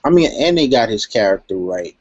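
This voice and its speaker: A man's voice: lowish voice, very animated, brisk, a little mellow, dry recording. Laid-back rambling man in casual chat. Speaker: guest in live chat. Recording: dry, dull lo-fi stream audio.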